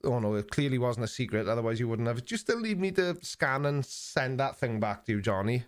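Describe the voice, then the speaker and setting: Older english guy on a live stream, dry sarcastic chat with viewers, mid pitch. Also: very animated, fairly quick. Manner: dry sarcastic banter, mock-offended asides. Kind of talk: casual live stream chat reading comments.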